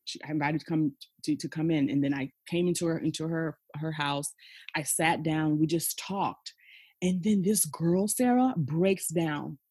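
A woman's voice: low voice, normal speed, warm tone, breathy edge, dry recording. A woman in her forties, a podcast guest, telling her personal story frankly and emphatically, often tagging lines with "okay?" and "you know". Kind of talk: candid personal storytelling in conversation.

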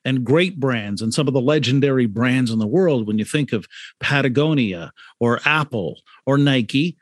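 A man talks through his ideas on brand and identity in a steady middle register. He leans on repetition and rhetorical questions to drive home each point. The sound is close and dry, with no room around it. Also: mid-range voice, normal speed, no echo. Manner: emphatic, repeats key points, rhetorical questions. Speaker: author and brand consultant, guest. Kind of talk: conversational podcast interview.

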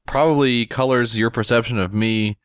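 A man's voice: medium pitch, steady tone, normal speed, clear, resonant tone, no room sound, clean studio sound. An American man hosting a casual podcast chat, rambling and self-deprecating, swearing freely. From United States. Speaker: podcast host.

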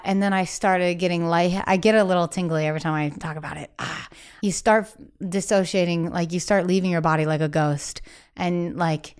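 Animated woman telling stories with clear tone. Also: fairly low pitch, brisk. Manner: animated, acts out quotes in other voices, laughs often. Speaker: guest singer. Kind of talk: casual interview chat.

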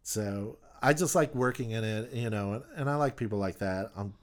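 A man, a touring musician, chatting in an interview with animated, rambling talk full of restarts. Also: fairly low pitch, normal speed. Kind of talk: casual interview chat.

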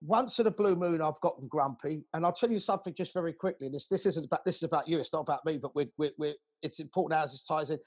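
A man's voice: on the high side, fast talker, hardly any pauses, husky. A man, a jazz musician hosting the chat, telling a personal story in a chatty, laughing manner. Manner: warm, chatty anecdotes with laughter and repeated words. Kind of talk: casual conversation.

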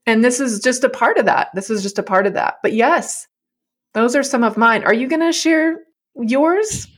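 A woman's voice: fairly high pitch, normal speed. A woman talking frankly and animatedly in a casual chat, often with a laugh in her voice.

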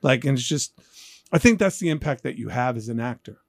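A man in his fifties from New York hosts a casual interview with plenty of jokes and acted-out anecdotes. His voice is mid-pitched and the sound is close and dry. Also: brisk, gravelly, no echo. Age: 50s. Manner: animated, jokey, acts out voices in his anecdotes. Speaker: podcast host.

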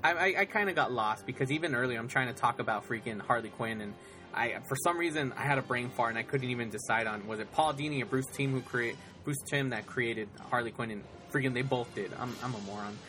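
A man chatting casually as a podcast co-host, rambling and excitable, laughing often. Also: mid-range voice, quick pace, over music. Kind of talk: casual chat.

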